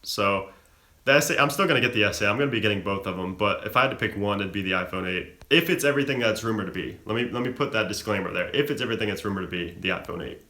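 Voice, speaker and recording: A man's voice: on the low side, very fast, bright, forceful tone, reverberant. A young man hosting a live stream, reading out viewer questions from chat and answering them casually. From Florida-born, raised in Chicago.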